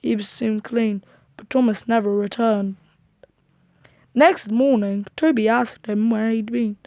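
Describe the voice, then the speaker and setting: A woman reading a children's storybook aloud in a gentle, even storytelling manner. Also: fairly high pitch, a little slow, no room sound. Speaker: storybook reader.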